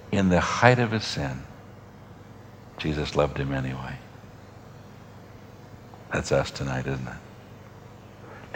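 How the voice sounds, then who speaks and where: Deep-voiced man preaching with soft, dramatic drops. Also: slight background noise. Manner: dynamic preaching, drops to soft near-whispers, long dramatic pauses. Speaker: pastor. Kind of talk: sermon.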